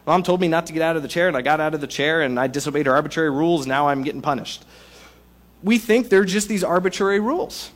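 A male pastor giving a sermon in a casual, joking way, using everyday analogies. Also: on the high side. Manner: conversational, jokey preaching with analogies.

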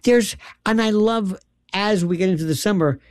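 Woman, storyteller, animated and laughing, dry booth sound. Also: medium pitch, normal speed, dry recording. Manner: animated, laughing, dramatic quoted voices. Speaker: radio host guest. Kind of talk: casual storytelling chat.

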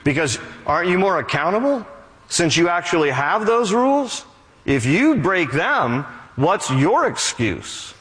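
Casting: male pastor, slightly high voice, lively sermon delivery, long hall reverb. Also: a little slow. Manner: animated preaching, reads scripture aloud.

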